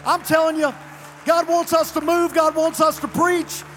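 A male pastor preaching a fiery sermon to a congregation, sometimes shouting and chanting his lines. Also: extremely high pitch, little pitch movement, moderate pace, big-room sound, a little hiss or hum. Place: church sanctuary.

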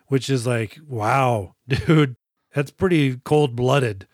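A male podcast co-host recaps a movie in an animated, joking way and swears freely. His voice sits mid-range. The recording is dry and close. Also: medium pitch, measured pace, no echo. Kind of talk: casual movie review chat.

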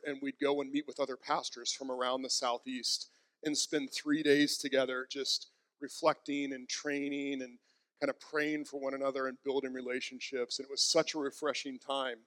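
Storytelling pastor in a reverberant hall. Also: male voice, mid-range voice, fairly bright tone. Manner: storytelling, emotional, acts out quotes. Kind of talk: sermon.

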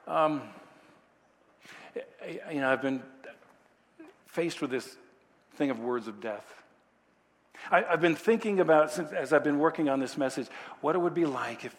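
Guy pastor preaching, self-deprecating stories, kinda high voice, big church echo. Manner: folksy, self-deprecating storytelling. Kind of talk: sermon with personal story.

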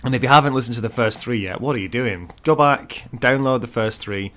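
A man's voice: mid-range voice, fairly quick, fairly bright tone. A man co-hosting a podcast in casual, self-mocking chat full of fillers. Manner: chatty and self-mocking, with frequent laughs and fillers. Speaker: podcast co-host.

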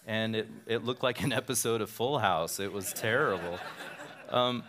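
A man's voice: lowish voice, moderate pace, a bit bright. A male pastor from Nevada with a tired voice, telling casual, self-deprecating stories in a sermon at a church on a handheld microphone. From Nevada, USA.

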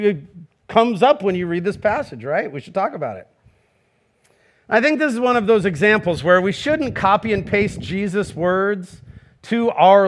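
A man preaching a sermon with a fairly high voice. He talks to the congregation like a conversation, keeps asking them questions and slips into quoted voices. He sounds middle-aged. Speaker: pastor.

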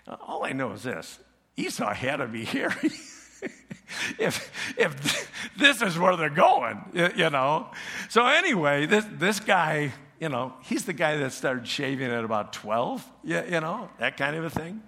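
A male pastor preaching a sermon, retelling a story with animated delivery and humorous asides. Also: a little high, a little slow, gravelly. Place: church.

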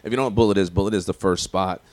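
Give me a man, a stand-up comedian chatting on a podcast. His voice sits very low and deep. He talks in slang, swears freely and rambles from one story to the next. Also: very fast. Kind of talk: casual podcast chat.

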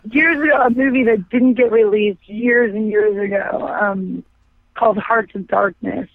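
A woman's voice: mid-range voice, steady tone, measured pace, dry recording. Lady guest rambling on a phone line, tinny and dry, lots of "like"s. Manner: rambling, chatty, full of fillers. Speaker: actor guest. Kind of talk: casual interview chat.

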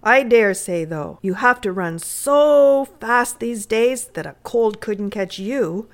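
A woman's voice: fairly high pitch, expressive, slow pace. Woman doing a hearty, teasing old doctor. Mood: chatty. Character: gruff, kindly older male doctor.

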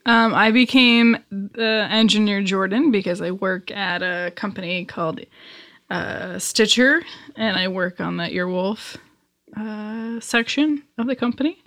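Young woman audio engineer, super flat monotone delivery, casual chat. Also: mid-range voice, a little slow. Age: young adult.

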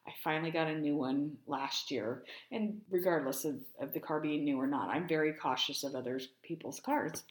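A woman sharing self-help tips through a casual personal story, chatty and lively, often repeating words as she goes. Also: sits low, moderate pace, few pauses. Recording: roomy echo.

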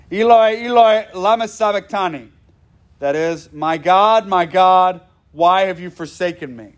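A man preaching a sermon as pastor, conversational, with asides and self-corrections. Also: high-pitched.

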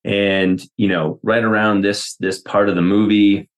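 A man's voice: on the low side, flat delivery, measured pace. A man hosting a solo podcast, talking casually and rambling with many fillers and restarts. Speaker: podcast host.

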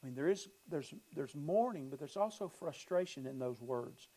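A man's voice: on the high side, expressive, normal speed, warm tone, rough recording. A male pastor preaching a sermon, emphatic, repeating phrases and building emphasis.

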